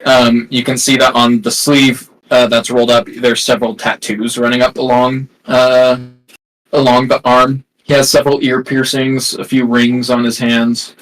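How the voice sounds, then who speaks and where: A man running a tabletop game, talking through a character's look in loose, halting bits with plenty of fillers. His voice sits at a middling pitch for a man, neither high nor low. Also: little pitch movement, fairly bright tone, low-quality recording. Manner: rambling, filler-heavy description. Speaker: game master.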